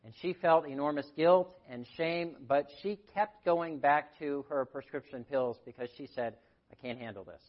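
Earnest man preaching, slightly raised pitch. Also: normal speed, few pauses, dull audio. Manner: earnest storytelling with quoted voices. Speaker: grief counselor speaking at church. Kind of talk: sermon.

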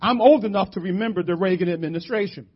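A middle-aged man from West Philadelphia preaching a sermon, animated and storytelling, shouting for emphasis. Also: high voice, quick pace, husky. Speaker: pastor. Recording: muffled lo-fi church audio.

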